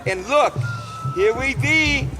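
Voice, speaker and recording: High, lively man whooping with joy. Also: takes it slowly, over loud music, poor audio. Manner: exuberant, whooping. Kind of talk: casual chat.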